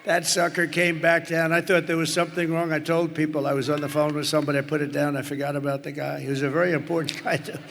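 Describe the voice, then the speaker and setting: A man with a bright, gravelly, slightly high voice addresses a large indoor arena. He rambles and boasts, breaking off for asides to the crowd. The sound carries a long reverb, with a faint crowd murmur behind him. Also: little pitch movement, fast, few pauses, a little hiss or hum. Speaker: political candidate at a rally. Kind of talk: rally speech. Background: cheering crowd.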